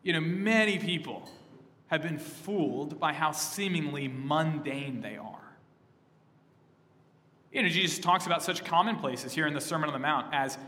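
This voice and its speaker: Male pastor, sermon, bright forceful tone, slightly higher voice, echoing hall, urgent emphatic delivery. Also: lively intonation, normal speed. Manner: emphatic preaching, surging louder on key phrases and dropping soft on others.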